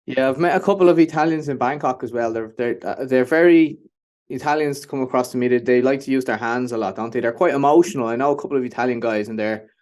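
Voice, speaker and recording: A man's voice: medium pitch, fast, darkish tone. Man hosting a chat. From Ireland. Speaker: podcast host. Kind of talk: casual interview chat.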